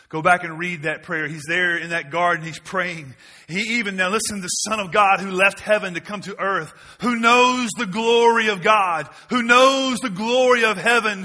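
Middle-aged guy pastor preaching, high voice, shouts then goes real quiet, big echoey church. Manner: swings from shouted preaching to hushed intimate delivery. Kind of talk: sermon. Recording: long hall reverb.

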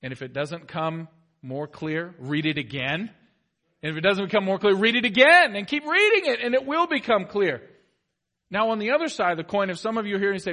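A male pastor preaching a sermon to his congregation, animated, moving between soft asides and loud, emphatic exhortation. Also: sits high, a little fast. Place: church sanctuary.

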